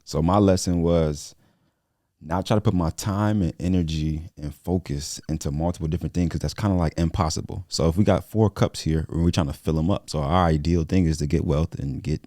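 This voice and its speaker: Deep mellow-voiced guy, fast talker, repeats his points, dry close sound. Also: no room sound. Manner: earnest, repeats points for emphasis. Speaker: guest entrepreneur. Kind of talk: casual podcast interview.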